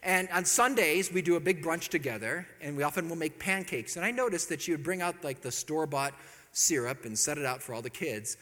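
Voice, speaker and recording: A man's voice: a little high, lively intonation, fairly quick, sharp tone, in a large hall. A man giving a talk and telling a self-mocking story about his marriage, laughing at his own jokes.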